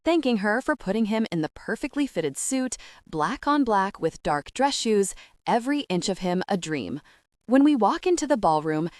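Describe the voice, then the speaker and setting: A young adult woman reading a first-person romance audiobook in an expressive, playful manner. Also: medium pitch, no room sound, clean studio sound. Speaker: audiobook narrator.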